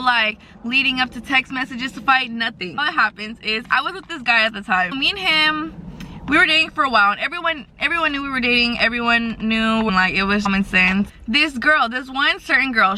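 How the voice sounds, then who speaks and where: A young woman telling a casual storytime vlog in a chatty, animated way, full of filler words. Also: fairly high pitch. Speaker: vlogger.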